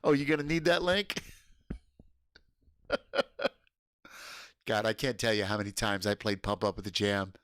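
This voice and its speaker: Loud excitable man streaming from home. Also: lowish voice, a little slow, pauses often, smooth, no room sound, studio quality. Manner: loud, excitable, swears and laughs a lot. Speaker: livestream host. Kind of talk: casual livestream chat.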